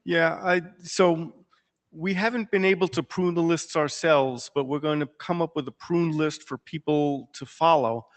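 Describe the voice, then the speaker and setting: A man's voice: on the high side, steady tone, normal speed. A man making short, dry, sardonic remarks at an open microphone in a meeting. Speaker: meeting participant. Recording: long hall reverb.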